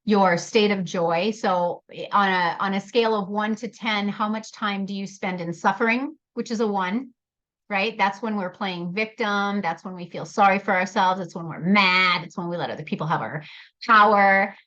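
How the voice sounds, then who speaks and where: A woman's voice: mid-range voice, normal speed, sharp tone, highs cut off. A woman hosting a leadership workshop, talking animatedly, laughing often and speaking to attendees by name. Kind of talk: live workshop talk.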